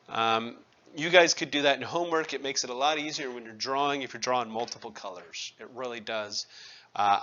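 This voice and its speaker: A man's voice: mid-range voice, bright, forceful tone, dull audio. A man teaching a chemistry class in a conversational lecture, asking his students questions and making wry asides.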